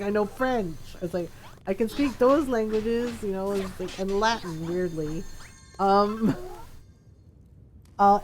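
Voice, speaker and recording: Woman streamer chatting away while gaming, giggly and rambling, mid pitch. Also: a little hiss or hum. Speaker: game streamer. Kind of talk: casual gameplay chat.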